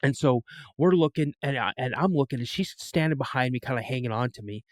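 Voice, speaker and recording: This guest on a podcast is a man with a mid-range voice who moves briskly through his story. He's casual and animated, doing voices for the people he quotes, and the recording is dry.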